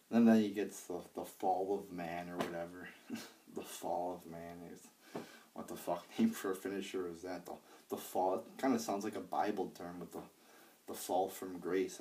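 Low, dark-voiced man rambling a wrestling review. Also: far from the mic, slight background noise. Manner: rambling, profane, many fillers and restarts. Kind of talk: casual spoken review. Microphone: handheld iPad.

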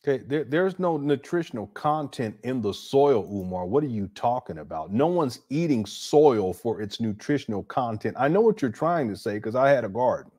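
A man's voice: mid-range voice, lively intonation, moderate pace, hardly any pauses, darkish tone, husky. Male commentator, casual and sarcastic, talks to the audience. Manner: chatty, sarcastic, addresses viewers directly, frequent restarts. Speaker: online commentator.

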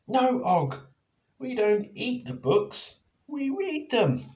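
A man voicing a cheerful, bossy young girl with a high, sing-song, coaxing voice. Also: wildly swooping pitch, slow, darkish tone. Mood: alarmed. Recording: echoey room.

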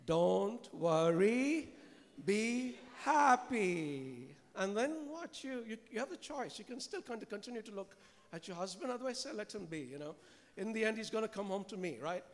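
A man preaching a sermon to a live congregation, lively and humorous, often asking the people questions. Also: high voice, fast. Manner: lively, asks the congregation questions, mixes humour with scripture. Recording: long reverb of a large hall.

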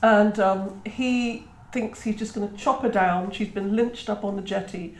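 A woman's voice: medium pitch, steady tone, unhurried, darkish tone. A woman in her fifties from Trinidad who speaks British English, talking reflectively as a guest author in an interview, with many restarts. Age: 50s. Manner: reflective, frequent "you know" and restarts. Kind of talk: conversational interview. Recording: roomy echo.

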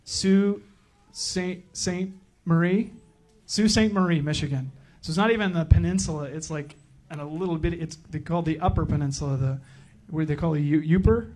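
A man's voice: fairly high pitch, fairly quick, few pauses, darkish tone. A man introducing a guest speaker at church in a joking, rambling way, full of fillers and restarts. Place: church sanctuary.

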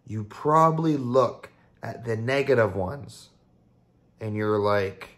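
A man's voice: medium pitch, lively intonation, slow. A man, a therapist, talking casually to camera about mindfulness in an upbeat, conversational way, now and then acting out people's inner voices.

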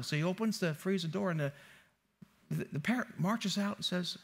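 Bright-voiced, playful male pastor. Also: high voice, a little fast, slightly rough. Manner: playful, chatty storytelling with the congregation. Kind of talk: sermon with a joke. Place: church sanctuary.

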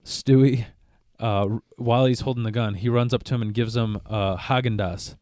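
A man's voice: mid-range voice, steady tone, normal speed, darkish tone, dry recording, clean studio sound. A man co-hosting a casual podcast, telling crude stories and laughing at his own jokes. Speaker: podcast co-host.

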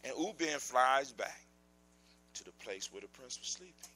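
A man telling a folk tale live to children in a lively, animated way, with sound effects and shouted outbursts. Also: medium pitch, measured pace, poor audio. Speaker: storyteller. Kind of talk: live oral storytelling to children.

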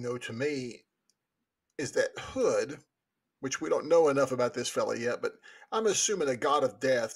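A man's voice: mid-range voice, breathy edge. A man co-hosting a podcast, musing hesitantly and thinking aloud as he talks about a book. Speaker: podcast co-host. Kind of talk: casual book discussion.

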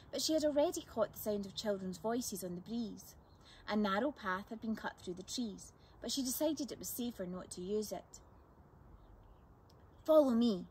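A woman reading a chapter book aloud for children, with expressive, lively narration. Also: mid-range voice, a little hiss or hum. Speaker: storyteller.

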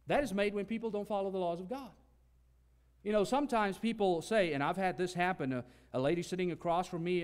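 A man preaching a sermon, earnest and emphatic, teaching with repeated phrases. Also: high-pitched.

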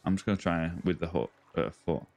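A man's voice: sits low, fast talker, vocal fry, darkish tone. A young man on a live game stream, chatting casually and greeting viewers by name as mate and buddy.

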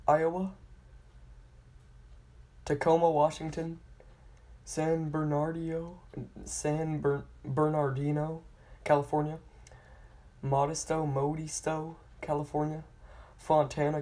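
Slow careful reader of place names, apologetic, monotone delivery, retries tricky names. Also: mid-range voice. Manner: slow and careful, stumbling and retrying hard names; apologetic about pronunciation. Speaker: channel host. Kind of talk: reading out a list of place names.

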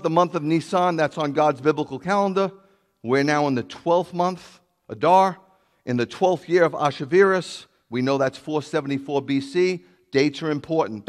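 A man preaching as a rabbi, emphatic and building to loud declarations. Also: on the high side. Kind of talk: sermon.

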